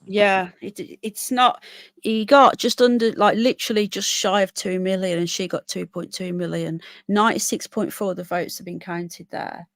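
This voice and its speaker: A woman's voice: medium pitch, fairly even intonation, normal speed, dry recording. A British woman hosting a casual live stream, chatting at length and reading figures aloud with plenty of fillers. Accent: British English. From Britain. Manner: chatty, rambling, reads results aloud with many fillers. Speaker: livestream host.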